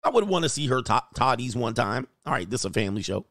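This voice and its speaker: A man's voice: mid-range voice, big pitch swings, fast, fairly bright tone, dry recording. Brief: male commentary host, crude and blunt, dry close mic. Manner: blunt and crude, riffs off clips. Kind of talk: casual reaction commentary.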